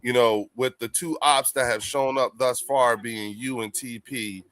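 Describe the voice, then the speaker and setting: A man with a deep, rugged voice hosting a casual fan podcast, relaxed and talking in drawn-out sentences. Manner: relaxed, drawn-out, says "you know what I'm saying" often. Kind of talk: casual chat.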